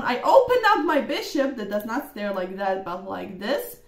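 A young woman reviewing her own chess games in a chatty, excitable way, with lots of fillers. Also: a little high, normal speed. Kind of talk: casual game review commentary. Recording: echoey room.

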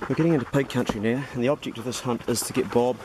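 A man's voice: medium pitch, rapid-fire, noisy background. An older man with a New Zealand accent, chatting casually while hunting outdoors with his dogs. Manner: laid-back, chatty, bursts into loud praise for his dogs. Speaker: pig hunter and channel host. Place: outdoors in hill bush country.

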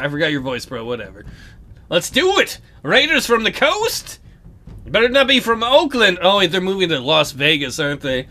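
Joking let's-play host, man; bright, high, animated. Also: normal speed. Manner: joking, chatty, reads game text aloud. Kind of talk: casual gameplay commentary.

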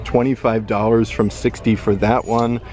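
A man's voice: on the low side, little pitch movement, normal speed, darkish tone. A man filming a casual shopping vlog in an outlet store, upbeat as he describes merchandise and prices. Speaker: vlogger.

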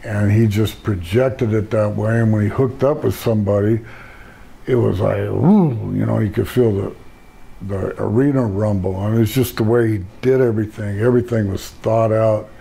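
A hoarse older man telling stories about his career in a casual interview, rambling and correcting himself. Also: on the low side, steady tone, normal speed, dark tone, rough recording. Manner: rambling storyteller, self-correcting. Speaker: interview guest.

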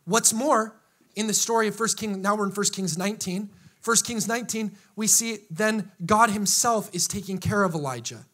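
High-pitched animated male preacher. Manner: animated, joking storyteller who acts out biblical dialogue. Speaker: pastor. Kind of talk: energetic sermon.

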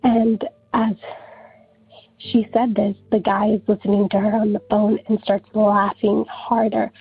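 A woman with a very husky, breathy voice and a gravelly fry tells her story in a loose, rambling way, scattering "like" everywhere. She comes through a thin, phone-like line with faint music underneath. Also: mid-range voice, flat delivery, a little slow, no room sound. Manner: rambling, heavy use of "like". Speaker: caller. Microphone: telephone.

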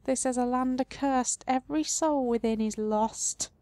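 A woman voicing a sad, wistful talking tree spirit in a game, speaking slowly and with long drawn-out words. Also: sits high, warm tone, no echo, voice pushed up. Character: sorrowful ancient tree spirit with a face.

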